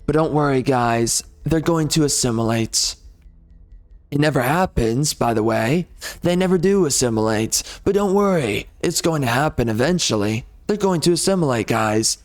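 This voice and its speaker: A man's voice: mid-range voice, expressive, normal speed, faint music behind. A man from the United States delivering an angry, sarcastic monologue rant on a gaming channel, indignant and emphatic. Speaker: gaming video host.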